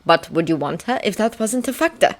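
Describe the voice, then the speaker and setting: A woman voicing a kindly old male librarian who questions gently and wryly. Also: medium pitch, expressive, fairly quick, lightly acted.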